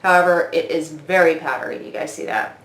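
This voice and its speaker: A woman's voice: sits low, a little fast, fairly bright tone, roomy sound. A woman in her forties doing a makeup review vlog, gushing and oohing as she tries products at her mirror. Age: 40s. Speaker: beauty vlogger.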